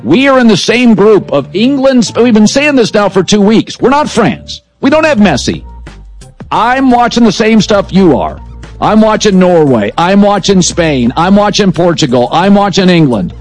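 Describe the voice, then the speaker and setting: Man, sports talk host, emphatic, opinionated, punchy, high voice, faint music underneath. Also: big pitch swings, normal speed. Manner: emphatic, declarative, punchy lists.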